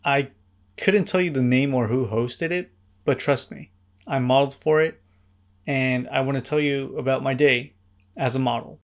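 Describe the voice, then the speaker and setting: A man narrating his own vlog in a scripted, deadpan way, with wry asides and an earnest, introverted manner. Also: medium pitch, moderate pace. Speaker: vlogger.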